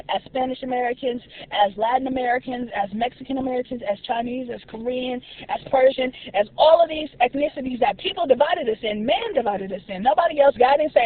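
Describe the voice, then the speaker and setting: A woman's voice: on the high side, fast talker, recorded from a distance. A woman ranting in a brash, emphatic vlog, swearing freely while riding a bus. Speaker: vlogger. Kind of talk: profane vlog rant. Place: on a moving bus. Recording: tinny phone audio with vehicle noise.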